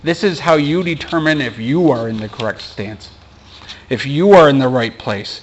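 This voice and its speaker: A pastor giving an informal sermon in a small church, mixing scripture with joking asides. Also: male voice, mid-range voice, expressive, normal speed. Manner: conversational preaching with joking asides.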